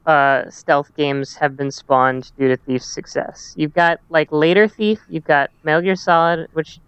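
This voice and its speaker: A man's voice: on the high side, steady tone, measured pace, a bit bright, clean tone, no room sound, highs cut off. A man co-hosting a casual gaming podcast who makes his case with leading questions. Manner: argumentative, asks leading questions. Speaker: podcast co-host. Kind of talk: casual chat.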